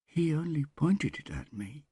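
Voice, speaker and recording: A man voicing a shaken middle-aged man in shock who whispers in a flat, mechanical way. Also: fairly high pitch, a little slow, husky, no echo, studio quality, pitched above the performer's own voice, full character voice. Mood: dazed.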